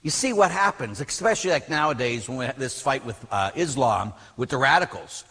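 A man, a Catholic priest, teaching a class with animated storytelling and emphatic outbursts. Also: medium pitch, moderate pace, husky. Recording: long reverb of a large hall.

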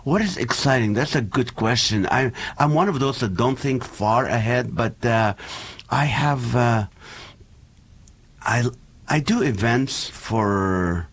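A middle-aged man whose first language is Arabic, a comedian guest telling animated stories and laughing often in casual interview chat. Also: medium pitch, takes it slowly, breathy edge. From Middle East.

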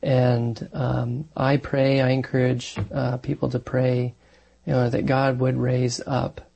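A man, a married Catholic parish priest, answers questions in an earnest, thoughtful way, pausing on fillers as he goes. His voice is mellow and dark with a gravelly edge and a husky breathiness. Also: medium pitch, monotone, dull audio. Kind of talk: conversational interview answers.

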